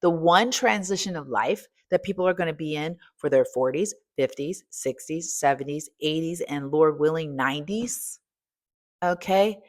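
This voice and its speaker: A middle-aged American woman coaching and hosting, talking in an energetic, preachy and casual way, dropping in "y'all" and swinging from soft asides to loud exclaiming. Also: deep voice, normal speed. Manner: casual colloquial speech with "y'all" and "ain't". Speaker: coach and podcast host. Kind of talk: energetic motivational talk.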